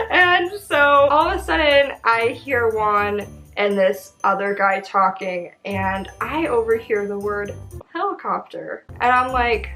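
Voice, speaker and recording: A woman's voice: medium pitch, a little slow, a bit bright, soft background music, rough recording. A young woman telling a travel story in a casual vlog, chatty and swearing freely, acting out her own quotes.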